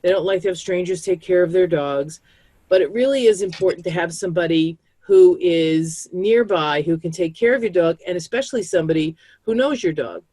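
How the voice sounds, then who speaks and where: A woman's voice: on the low side, fairly quick, dark tone, no room sound. Chatty woman giving pet-care advice. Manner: chatty, acts out quoted voices. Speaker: pet disaster-planning speaker. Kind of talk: community video call, storytelling advice.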